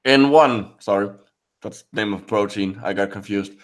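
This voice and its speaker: A man's voice: lowish voice, moderate pace. A man hosting a casual online stream, reading news aloud, stumbling over words and giggling. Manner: giggly, stumbling, self-mocking. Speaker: host of a video review stream.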